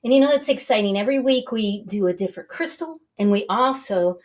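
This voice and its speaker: A woman's voice: mid-range voice, lively intonation, a little fast, a little mellow. A woman hosting her own show, introducing the episode in a bubbly, gushing and enthusiastic way. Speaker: show host.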